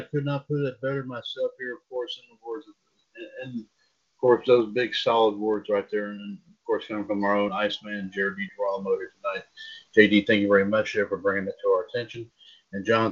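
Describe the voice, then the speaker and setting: Low-voiced male host with a husky, monotone delivery; muffled lo-fi audio. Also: quick pace. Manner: hesitant, repeats "and of course". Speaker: podcast host. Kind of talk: casual podcast hosting. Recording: dull lo-fi sound.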